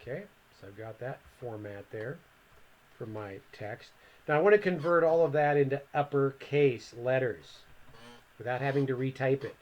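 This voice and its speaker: Man talking through a software tutorial. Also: medium pitch, normal speed, muffled recording. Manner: relaxed step-by-step walkthrough, thinking aloud. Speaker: computer instructor. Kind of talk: screen-recorded software tutorial.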